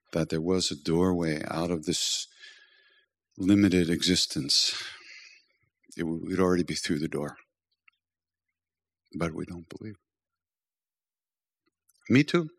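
An older man giving a storytelling spiritual talk, gently humorous and self-deprecating, as a teacher and podcast host. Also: low-pitched, slow, pauses often.

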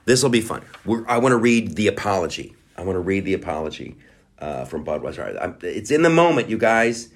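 Male podcast host, lowish voice, crude sarcastic rambling delivery. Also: sing-song, fairly quick. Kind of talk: crude comedic rant.

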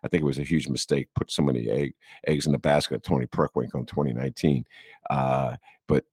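A male podcast host in casual political talk, getting animated and excited as he goes. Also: rumbling low, fast, husky, no room sound, clean studio sound. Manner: animated, gets excited and laughs.

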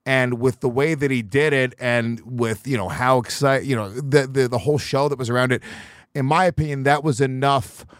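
A man's voice: mid-range voice, fairly even intonation, moderate pace, dry recording, clean studio sound. A man hosting a podcast in casual banter, rambling and swearing as he restarts his thoughts. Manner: profane, rambling, restarts often. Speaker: podcast host.

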